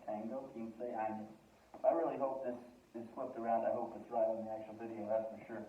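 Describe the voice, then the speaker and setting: A man's voice: fairly low pitch, steady tone, quick pace, slight background noise. A man teaching a Spanish lesson in a classroom, chatty and joking, switching between English and Spanish. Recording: tinny, echoey from far off.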